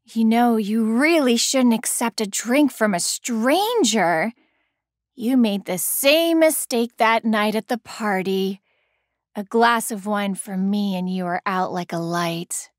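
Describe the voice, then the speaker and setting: A man's voice: sits high, dry recording, studio quality, voice pushed up. A man putting on a sing-song woman killer. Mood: taunting. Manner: sing-song, mocking, slow and teasing. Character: sing-song female killer taunting her prey.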